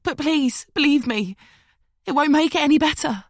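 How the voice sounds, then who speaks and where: A woman voicing a frightened young female captive with a London accent, pleading in a high, tearful voice. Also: normal speed, dry recording, clean studio sound, natural voice. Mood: urgent.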